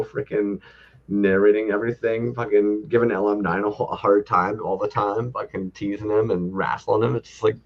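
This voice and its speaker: A man's voice: fairly low pitch, gravelly, slightly rough. A man co-hosting a toy podcast, telling rambling, profane stories in a laid-back way. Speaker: podcast co-host. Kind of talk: casual toy-collector chat. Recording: dull lo-fi audio.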